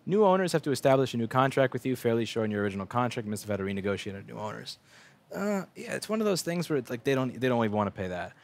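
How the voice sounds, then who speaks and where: Very fast and very animated, a man with a creaky, mid-range voice talks off the cuff on a livestream from his repair workbench. He's blunt and profane, breaking off and restarting sentences and leaning heavily on fillers.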